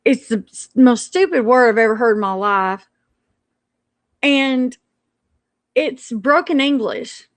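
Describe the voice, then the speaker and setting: On a live stream, a woman with a fairly high, expressive voice rants indignantly, stumbling and restarting her sentences. She takes it slowly and pauses often, and the sound is close and dry with no room around it.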